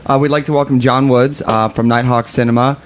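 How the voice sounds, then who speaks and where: A man co-hosting a podcast in casual chat, loose and halting with many fillers. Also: medium pitch, fairly even intonation, slight background noise. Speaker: podcast co-host.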